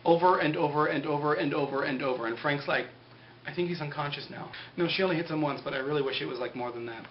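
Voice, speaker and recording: Young man, sarcastic rambling recap, slightly high voice, muffled lo-fi with faint hiss. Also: quick pace, hardly any pauses. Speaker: fan recapping a TV episode. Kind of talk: casual episode recap.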